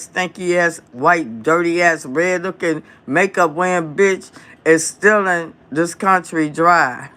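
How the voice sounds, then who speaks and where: A man hosting a live stream from home, talking in a heated, profane, drawn-out rant into his phone. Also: fairly high pitch, pushed and bright. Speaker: livestream host.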